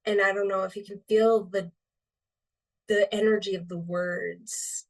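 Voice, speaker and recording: A woman speaking as a healing medium guest in a relaxed interview, rambling with many fillers. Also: mid-range voice, measured pace, far from the mic. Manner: meandering, filler-heavy, lots of um and like.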